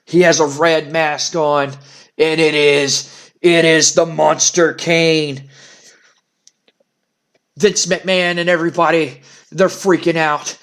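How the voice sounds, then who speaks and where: A man narrates a wrestling simulation playthrough with dramatic play-by-play and hyped-up announcements. His voice is a little high and a bit bright, yet his delivery is flat and slow, with long pauses.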